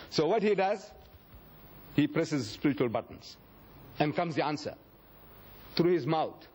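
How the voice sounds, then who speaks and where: This South African man, an Islamic lecturer, delivers a public religious lecture full of dramatic storytelling and performed quotes. His slightly high voice has a darkish tone and a breathy edge.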